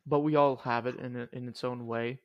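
A man's voice: medium pitch, fairly even intonation, moderate pace, dull audio. A young man co-hosting a podcast in casual chat, laid-back and joking, with slangy asides. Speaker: podcast co-host.

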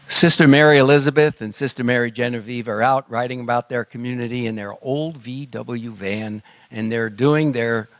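A man telling a joke to a church congregation, lively with small restarts. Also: mid-range voice, no echo.

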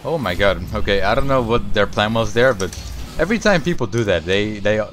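A young man with a lowish voice gives running commentary over his match, quick to curse and quick to cheer. Faint game music plays underneath his voice. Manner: excitable, swears often, yells at big plays. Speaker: gaming YouTuber. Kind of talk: live gameplay commentary.

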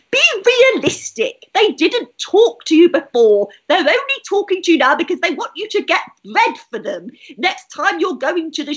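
A woman's voice: very high voice, exaggerated voice. A woman playing a fussy, ranting lockdown lady. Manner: indignant, ranting, exaggerated. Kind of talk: character stand-up.

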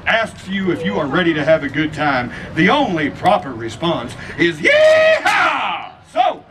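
A man's voice: fairly high pitch, big pitch swings, moderate pace, a bit bright. A man with a Texan accent announcing a live western comedy show, joking with the crowd in a folksy way. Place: outdoor fair stage. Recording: outdoor PA with crowd noise.

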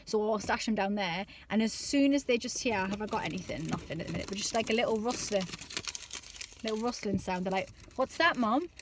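Speaking briskly over background noise, this woman in her thirties vlogs about parenting straight to camera. Her medium-pitched delivery is chatty and exasperated, a casual comic bit full of acted-out little voices.

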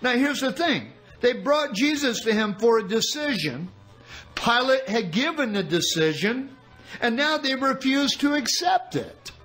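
A man preaching a sermon, reading scripture aloud and explaining it with dramatic pauses. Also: very high-pitched, very animated, a bit bright, faint music behind, low-quality recording. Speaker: pastor.

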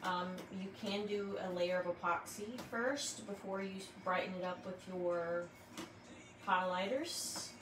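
A woman's voice: on the low side, steady tone, unhurried. A woman demonstrating a craft on a casual livestream, chatty and laughing easily as she explains her steps. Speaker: crafter demonstrating tumbler making. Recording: roomy echo with background noise.

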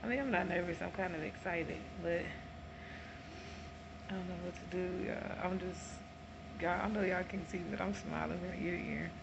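A young woman in early labor talks straight to her phone, chatty, excited and full of slang. Her voice has a gravelly fry to it, and the recording carries a clear noise under her words. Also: fairly low pitch, normal speed, lo-fi sound. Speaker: mom vlogger. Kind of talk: casual vlog to camera. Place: home, then hospital room.

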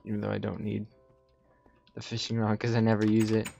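A young man giving jumpy, excitable commentary while playing a Minecraft survival match, talking to himself and often yelping in panic. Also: fairly low pitch, a little fast, creaky, faint music behind. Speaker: gaming YouTuber. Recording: slightly dull lo-fi audio.

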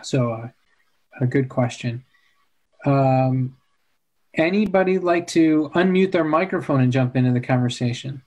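A school administrator who is also a dad hosts a virtual town hall over a video call, answering parents' questions. His mid-range, darkish voice moves at a measured pace with frequent pauses, and he comes across as sympathetic, thinking aloud as he responds.

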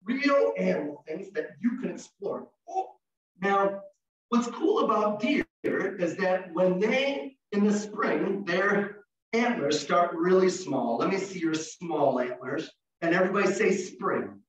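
A man's voice: high voice, animated, takes it slowly. A man presenting an online class on nature education, talking in a playful, theatrical way and imitating animal calls. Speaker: early childhood educator presenting. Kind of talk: animated demonstration for teachers. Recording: far from the mic, echoey and dull.

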